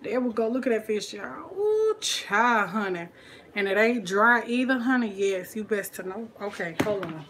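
A woman talking to viewers in a relaxed way while she cooks in her home kitchen, with frying sizzling behind her. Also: medium pitch, normal speed, slight background noise. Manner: chatty, talks to viewers and family at home. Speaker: cooking vlogger. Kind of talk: casual cooking vlog.

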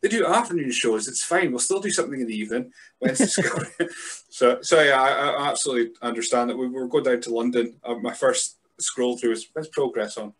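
A man hosts in a relaxed, joking manner, trading light asides with his guest. His voice sits at a plain middle pitch for a man, easygoing and conversational. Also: fairly quick, slightly rough. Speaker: podcast host. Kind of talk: casual interview chat.

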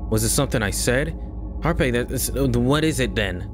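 A man reading a clingy, accusing game character's lines in a lower, pleading voice. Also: animated, moderate pace, close to an everyday voice. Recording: game music playing behind.

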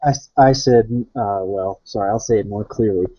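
Mellow, husky man at a game table. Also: lowish voice, moderate pace, dry recording. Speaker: player. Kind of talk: casual game chat. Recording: muffled dry online voice chat.

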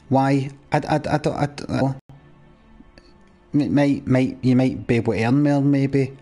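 A man's voice: mid-range voice, steady tone, a little slow, warm tone, soft background music. A young man live-streaming a game, chatting casually and ranting at his viewers with plenty of swearing. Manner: sweary, ranting at chat in a mock-exasperated way.

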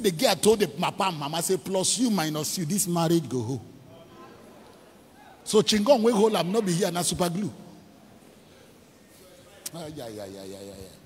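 An evangelist preacher with a Nigerian accent tells a story in a sermon, acting out its quotes, leading shouted prayers and using some pidgin. His voice is high-pitched and husky, and he speaks in a large church hall.

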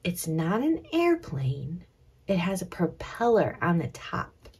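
Slow, encouraging woman teaching children. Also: lowish voice, big pitch swings, darkish tone. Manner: slow, clear and encouraging, drawing out words. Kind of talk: children's lesson.

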